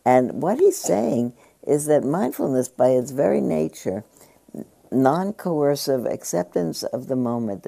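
A woman giving a relaxed dharma talk in a very low, gravelly voice. She speaks conversationally, often pausing with fillers as she paraphrases from a book. Her tone is dark and mellow. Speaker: meditation teacher.

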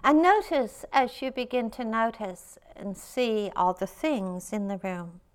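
Softly reflective woman meditation teacher. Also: fairly high pitch. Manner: slow, reflective, softening to near whisper. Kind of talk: dharma talk.

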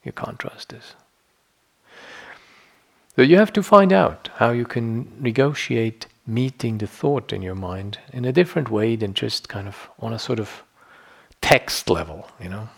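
A man's voice: mid-range voice, animated, moderate pace, vocal fry, breathy edge. A middle-aged man giving a meditation teaching, reflective and conversational, often checking in with "you know" and "yeah". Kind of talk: dharma talk.

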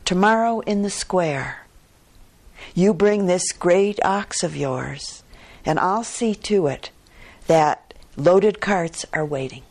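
A woman's voice: lowish voice, slow, a little mellow. A woman voicing a wealthy, smug male merchant who scoffs and lectures with confidence. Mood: scoffing, confident.

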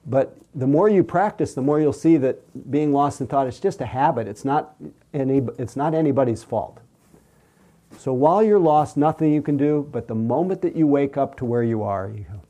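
A man teaching mindfulness to a class and answering questions in a gentle, unhurried, soothing way. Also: mid-range voice, expressive. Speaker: meditation teacher.

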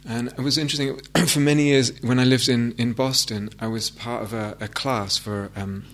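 Gentle gravelly-voiced male meditation teacher. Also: mid-range voice, fairly even intonation, normal speed. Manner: gentle, hesitant restarts, reflective. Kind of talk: dharma talk. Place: meditation hall with audience.

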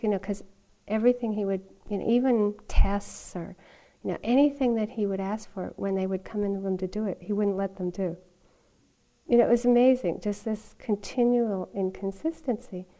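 Mellow-voiced woman giving a dharma talk. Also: medium pitch. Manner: conversational storytelling with frequent "you know" and soft laughs. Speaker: meditation teacher. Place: meditation retreat hall.

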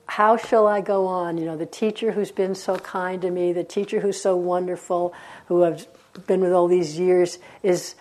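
A woman's voice: lowish voice, steady tone, normal speed, a little mellow, lightly acted. A grieving devoted monk, as a woman tells it. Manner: grieving and lamenting. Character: weeping devoted male monk disciple.

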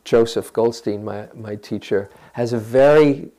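An older man giving a gentle, reflective dharma talk as a meditation teacher and guiding listeners through a practice. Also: mid-range voice, a little slow.

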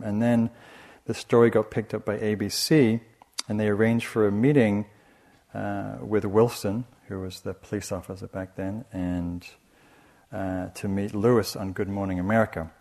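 A man giving a dharma talk as a meditation teacher, speaking softly and reflectively in a measured way. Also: lowish voice, level tone. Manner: soft, measured and reflective, with frequent restarts.

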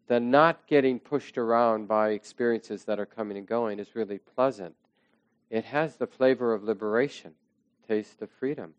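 Guy giving a dharma talk to a class, slow and thoughtful, dry room. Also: mid-range voice, clear, resonant tone, dry recording. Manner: slow, reflective, soft trailing phrases. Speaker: meditation teacher.

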